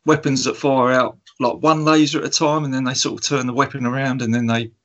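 A man's voice: mid-range voice, level tone, fairly quick, highs cut off. A man co-hosting a film review podcast, talking casually and rambling with lots of ums. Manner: rambling, hesitant, many ums and laughs. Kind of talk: casual chat.

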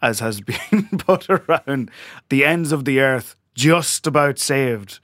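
A man's voice: medium pitch, expressive, takes it slowly, fairly bright tone, no echo. A man from Ireland chats and tells a long story, stopping often on filler sounds and breaking into laughs. The sound is dry and close, with nothing around him. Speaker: podcast host. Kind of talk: casual chat.

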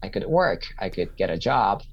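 Modest young comedian guest from Japan. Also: male voice, lowish voice, very animated, normal speed, highs cut off. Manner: modest, laughs often. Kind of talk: casual interview.

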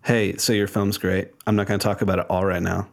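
A man hosting a casual interview, speaking haltingly with many pauses and restarts. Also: low-pitched, level tone, gravelly. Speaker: interview host.

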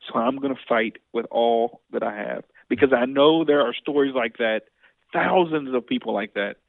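A man's voice: medium pitch, moderate pace, creaky, dry recording. A man in his forties, a state legislator and guest, telling stories earnestly with frequent restarts over a tinny phone line. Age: 40s. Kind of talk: casual interview, storytelling.

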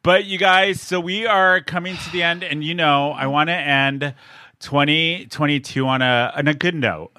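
A man hosting a podcast in casual chat, animated and laughing often as he wraps up the show. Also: fairly high pitch, moderate pace, no room sound. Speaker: podcast host.

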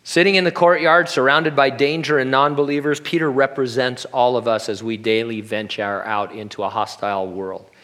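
Man, pastor, sermon, conversational, joking asides, middle pitch. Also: fairly even intonation, normal speed, few pauses, a bit bright.

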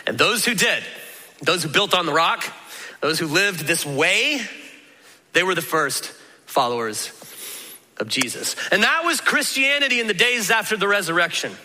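A high-pitched man preaches in a casual, lively way and keeps breaking into quick imitations of doubting listeners. His voice is bright and forceful. A long reverb from a big hall trails behind it. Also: a little hiss or hum. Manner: animated, conversational, acts out voices of listeners. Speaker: pastor. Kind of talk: sermon.

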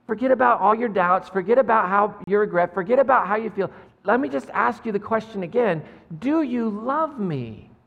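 A man voicing a calm, patient male teacher who gently asks questions, recorded with a long hall reverb. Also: sits high, brisk, creaky, few pauses, phone-quality sound, pitched above the performer's own voice. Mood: pleading.

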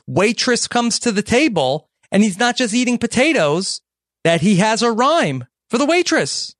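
Animated man recapping a movie. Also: high voice, moderate pace, no room sound, clean studio sound. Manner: storytelling, acts out characters' lines. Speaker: podcast co-host.

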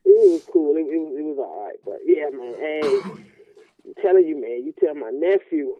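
A man's voice: fairly high pitch, animated, moderate pace, no echo. A man chatting casually as a podcast guest, joking and rambling, with lots of "you know" and "man". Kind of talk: casual chat. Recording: tinny phone line.

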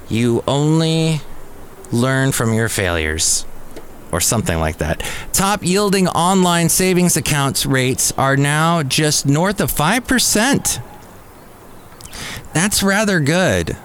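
Slowly and with big pitch swings, a man hosting a podcast from a cafe walks through the week's news in a chatty, conversational storytelling style. His voice is on the high side and fairly bright, with a little hiss or hum.

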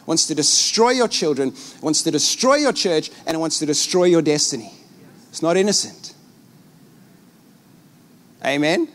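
A middle-aged man preaching as a pastor, animated and acting out little scenes. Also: on the high side, normal speed, pauses often. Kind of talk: sermon.

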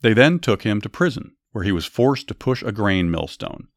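A man hosting a podcast, narrating a Bible story and giving commentary in a measured, earnest reading. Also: fairly low pitch, sing-song, no room sound, studio quality.

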